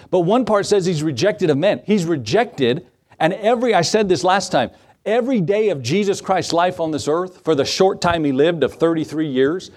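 Animated preaching man, slightly high voice. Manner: preaching with dramatic voiced quotes and asides to the congregation. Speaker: pastor. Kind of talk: sermon.

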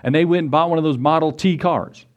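A man's voice: fairly high pitch, fast. A man preaching a sermon in a folksy, storytelling way, acting out quotes and little scenes as he goes. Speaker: pastor.

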